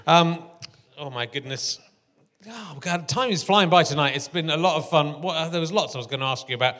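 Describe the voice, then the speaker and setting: A man's voice: fairly high pitch, fairly quick, a bit bright. A man hosting a live comedy podcast on a theatre stage, rambling and self-deprecating, laughing often. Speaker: podcast host.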